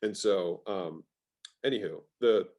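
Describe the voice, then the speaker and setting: Low-voiced man, emphatic guest. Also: slow, darkish tone, highs cut off. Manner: emphatic, swears, many "like" fillers. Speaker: guest, sales expert. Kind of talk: casual interview chat.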